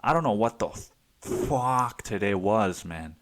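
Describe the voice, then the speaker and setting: A man hosting his own podcast, telling a story in a casual, excitable monologue, swearing freely and saying "dude" constantly. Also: on the low side, a little slow. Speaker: podcast host.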